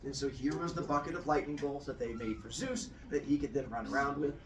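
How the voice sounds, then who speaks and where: A man's voice: medium pitch, brisk, recorded from a distance. A man retelling myths in a playful, jokey storytelling style as host.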